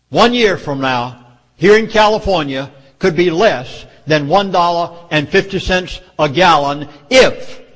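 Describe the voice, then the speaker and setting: A man's high, slightly bright voice rings through a meeting hall with long reverb as he lectures the audience. He speaks with a Southern US accent, urgently and emphatically, as a public speaker.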